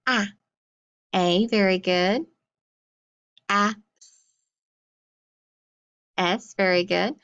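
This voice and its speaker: A woman's voice: medium pitch, a bit bright. Cheery lady teacher sounding out letters, kinda muffled lo-fi audio. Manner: upbeat, encouraging, sounds out letters slowly. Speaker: phonics teacher. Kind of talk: classroom phonics lesson.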